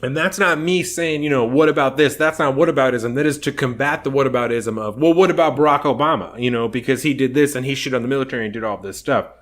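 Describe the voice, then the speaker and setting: Man, podcast co-host, medium pitch, emphatic, casual political chat. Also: fast, hardly any pauses, fairly bright tone. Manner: emphatic, fillers like "you know".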